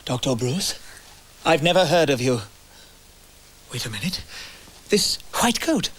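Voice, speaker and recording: An actor playing a bewildered doctor with amnesia who keeps asking confused questions, in a children's TV comedy. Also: male voice, a little high, animated, a little slow, fairly bright tone.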